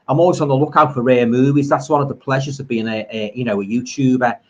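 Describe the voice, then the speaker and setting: A man's voice: medium pitch, fairly even intonation, quick pace, a little mellow, highs cut off. A middle-aged man with a Liverpool accent rambling enthusiastically about old films while reading viewer comments on a live stream from home. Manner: enthusiastic, rambling, homely turns of phrase. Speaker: horror film streamer.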